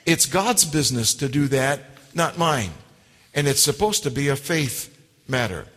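A man preaching a sermon, slow and deliberate, stressing key words by repeating them. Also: mid-range voice, animated, a bit bright. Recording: long hall reverb.

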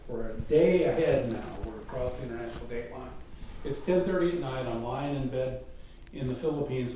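A man, a guest, telling a personal missionary story in a casual, animated way and mimicking the voices of people in it. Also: mid-range voice. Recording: distant mic in a very echoey room, faint noise.

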